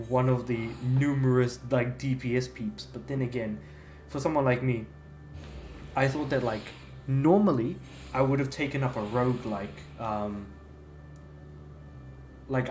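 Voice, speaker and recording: Chatting casually while livestreaming a game, a young male streamer rambles with lots of fillers and restarts. His voice is medium in pitch and a little mellow, recorded in an echoey room with faint music behind it.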